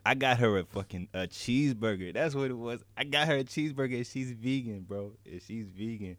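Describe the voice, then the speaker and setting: A man's voice: medium pitch, a little fast, hardly any pauses, no room sound. A man co-hosting a podcast in casual, slangy chat, laughing often and talking straight to the chat. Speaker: podcast co-host.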